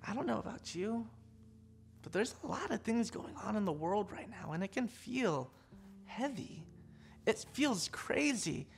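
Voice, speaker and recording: A woman's voice: mid-range voice, very animated, unhurried, creaky, faint music behind. A woman giving an online children's church sermon, telling the story animatedly and talking straight to the kids. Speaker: children's pastor.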